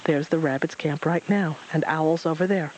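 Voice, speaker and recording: A proud, bouncy tiger who calls himself by name, as a man puts him on. He talks high and eager, every line sprung with excitement. A storybook figure through and through. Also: moderate pace, a little hiss or hum, close to an everyday voice, rough recording. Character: bouncy simple-minded male tiger, proud scout.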